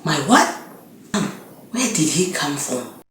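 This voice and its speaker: A woman's voice: low-pitched, very animated, slow pace, a little hiss or hum. A woman playing a possessive, dramatic boy who is an only child, in a comedy skit with whiny, complaining sighs. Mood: scared. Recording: echoey room with loud music.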